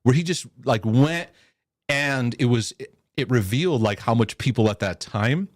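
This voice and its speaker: Here a man who used to pastor in the United States and now hosts a podcast is chatting casually, telling a story and quoting others. His mid-range voice moves at normal speed over clean studio audio without echo. Animated throughout, he repeats words and quotes people.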